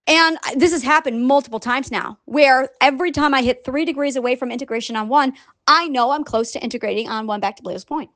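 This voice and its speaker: A woman hosting her own podcast, talking in a rambling, animated monologue and quoting her own thoughts. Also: sits high, no room sound. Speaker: podcast host. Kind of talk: casual solo monologue.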